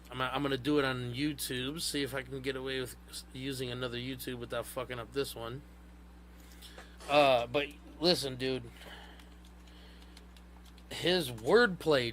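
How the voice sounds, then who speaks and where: A man's voice: medium pitch, bright, forceful tone, a little hiss or hum. A man hosting a live show, chatting casually and profanely about books, rambling with many fillers. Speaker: podcast host. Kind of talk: casual livestream talk.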